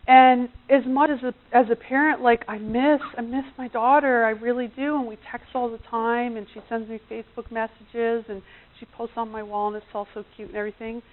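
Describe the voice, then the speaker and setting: A woman's voice: fairly high pitch, steady tone, fairly quick, few pauses. A middle-aged woman coach giving a chatty seminar talk on relationships, often acting out the voices of people she quotes. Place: seminar room. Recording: tinny phone-like recording.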